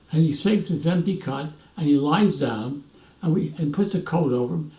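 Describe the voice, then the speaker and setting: A man in his nineties, a veteran, telling animated stories in an interview and acting out the voices of others. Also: on the high side, moderate pace. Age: 90s. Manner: animated storyteller, acts out quoted voices, restarts often. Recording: roomy echo, mic at a distance.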